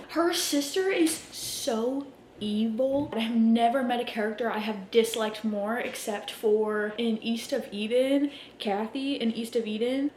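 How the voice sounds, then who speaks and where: A woman's voice: on the high side, a little hiss or hum. A young woman in a casual reading vlog, emotional and dramatic, swearing freely as she reacts to a book. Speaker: book vlogger.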